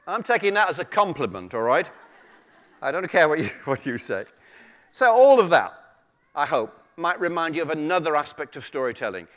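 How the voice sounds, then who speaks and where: A man's voice: fairly high pitch, sing-song, moderate pace, fairly bright tone. A man who is a storyteller, speaking to teachers in a chatty, joking, self-deprecating way. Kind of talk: humorous talk to an audience.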